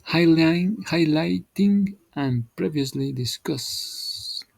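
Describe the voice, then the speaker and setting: Slow, gravelly-voiced male English teacher. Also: fairly high pitch, darkish tone, dry recording, rough recording. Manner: halting, repeats and restarts words while explaining. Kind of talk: explaining grammar exercises.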